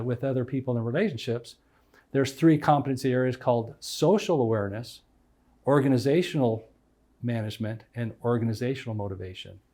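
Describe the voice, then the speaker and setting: A man's voice: medium pitch, dark tone. A middle-aged man giving an instructional talk as a teacher, laying out numbered points one by one and explaining each with a personal story. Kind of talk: instructional talk on emotional intelligence.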